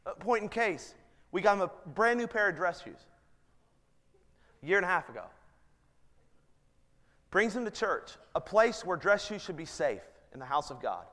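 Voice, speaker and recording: A man in his thirties delivers a sermon, his high voice earnest and then pressing hard on each appeal. The sound carries a long hall reverb around him, as in a church sanctuary. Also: big pitch swings, moderate pace, pauses often, pushed and bright. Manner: earnest, rising to emphatic appeals. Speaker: pastor.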